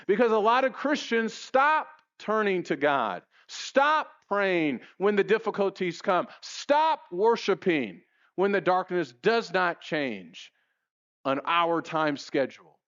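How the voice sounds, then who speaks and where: Male preacher, slow and earnest, a little high-voiced, sermon in a reverberant church sanctuary. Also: sing-song, fairly bright tone. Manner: impassioned, rises high reading scripture aloud. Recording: dull lo-fi recording in a reverberant hall. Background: long church reverb.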